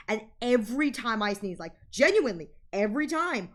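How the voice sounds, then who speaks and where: A woman's voice: fairly high pitch, brisk, few pauses. A woman streamer chatting casually while she draws, rambling through stories and acting out other people's lines. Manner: chatty and rambling, with frequent fillers and laughter; animated storyteller who acts out other people's lines.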